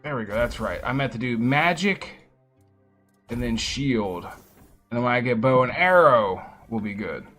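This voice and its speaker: Excitable, bright-voiced male game streamer. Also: medium pitch, a little slow, soft background music. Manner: excitable, swears freely, reacts out loud. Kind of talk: live gameplay commentary.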